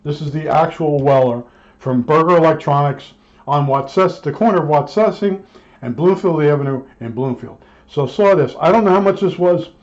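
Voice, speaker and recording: A man's voice: on the high side, normal speed. Rambling New man, dull lo-fi sound. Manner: rambling, acts out both sides of old arguments. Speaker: electronics technician. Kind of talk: casual storytelling. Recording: dull lo-fi recording.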